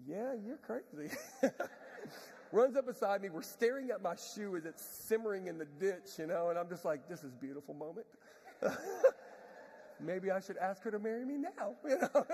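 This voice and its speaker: A pastor telling a self-mocking story in a sermon, animated and laughing often. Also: male voice, sits high, normal speed, breathy edge. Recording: long reverb of a large hall.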